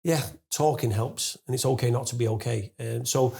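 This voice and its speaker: A middle-aged man spins a rambling, animated tale. He stumbles over his words with lots of fillers and restarts, swears casually, and his voice jumps up in pitch and volume when he gets to the unbelievable part. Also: moderate pace, vocal fry. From England. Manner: animated storyteller, rising to loud laughing disbelief. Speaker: guest. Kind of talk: storytelling in a podcast interview.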